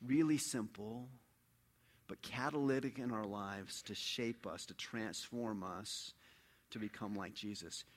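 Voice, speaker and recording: A man preaching a sermon in an animated storytelling way, dropping to a hush and then rising loud. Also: lowish voice, unhurried. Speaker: pastor.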